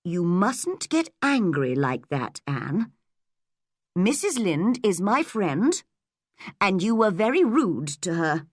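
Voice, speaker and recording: A woman reading an audiobook voices a stern but kind middle-aged farm woman who speaks in a firm, measured way. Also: medium pitch, very animated, no echo, clean studio sound.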